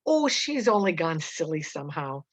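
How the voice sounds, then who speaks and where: A woman's voice: deep voice, sing-song, moderate pace, no echo. A woman reading the lines of a scheming, lovesick teenage girl in a coaxing, taunting way, on a dull, dry recording.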